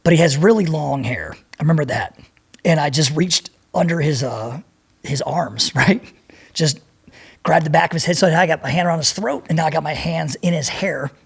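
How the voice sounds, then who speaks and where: A middle-aged man telling a profane, animated story as a podcast guest and acting out the people in it. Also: a little high, moderate pace, creaky, husky. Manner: profane, animated, acts out voices in his anecdote. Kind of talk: storytelling in a casual interview.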